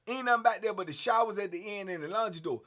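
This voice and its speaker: A middle-aged man, telling prison stories in a casual, animated way and acting out what others said. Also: high-pitched, quick pace. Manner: animated, acts out quotes, frequent "man". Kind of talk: casual storytelling.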